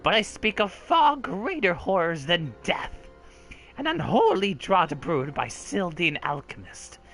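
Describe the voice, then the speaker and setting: A woman's voice: mid-range voice, fairly bright tone, voice pushed down. A woman voicing a bitter, grieving old mother with a rustic crone dialect. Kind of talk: reading game dialogue aloud in character.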